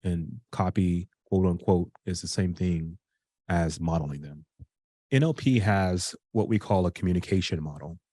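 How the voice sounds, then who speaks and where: Deep-voiced man explaining casually. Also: normal speed, mellow, dry recording. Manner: conversational, with frequent restarts and fillers. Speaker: speaker teaching a self-improvement workshop.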